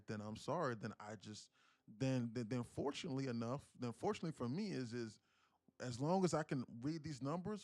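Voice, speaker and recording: A young man from South Carolina talks casually on a live trading stream, sarcastic and wandering, tripping over restarts. His voice sits in a middle pitch, recorded dry and close with no room echo. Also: darkish tone. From South Carolina, USA. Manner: sarcastic, rambling, many restarts. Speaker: day trader and live streamer.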